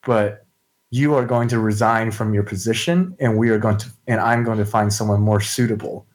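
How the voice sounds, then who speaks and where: A man's voice: lowish voice, steady tone, moderate pace, lightly acted. A man playing a stern, demanding princess. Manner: firm, demanding and matter-of-fact. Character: stern, commanding young princess with a sword.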